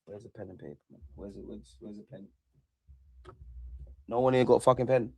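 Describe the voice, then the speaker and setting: Excitable man reacting to football. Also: fairly low pitch, a little fast, vocal fry, muffled recording, a little hiss or hum. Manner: excitable, swears a lot, shouts at goals; mutters quietly to himself between outbursts. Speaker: watch-along host. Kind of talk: live football watch-along reaction.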